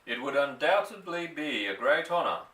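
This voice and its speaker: A man voicing a mischievous country father who speaks softly with dry irony. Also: a little high, lively intonation, moderate pace, reverberant, far from the mic, poor audio. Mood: wry. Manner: soft, dry, gently ironic.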